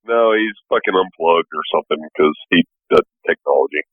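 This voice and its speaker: A man's voice: low-pitched, animated, a little fast, dry recording, narrow, tinny audio. A man who is a parent, playing a tabletop game over a video call, joking crudely and swearing a lot. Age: adult parent. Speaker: player.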